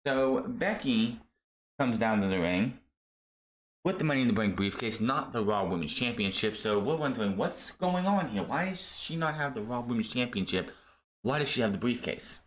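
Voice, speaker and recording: A man casually recapping a wrestling show, rambling and animated, with many fillers as he retells the events. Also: mid-range voice, normal speed, roomy sound.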